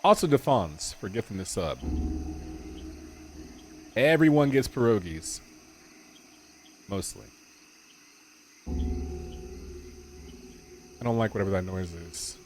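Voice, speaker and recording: A man streaming a game, reading its narration aloud slowly and deliberately and breaking off for casual, jokey asides to his chat. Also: fairly low pitch, lively intonation, a little hiss or hum. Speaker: gaming streamer.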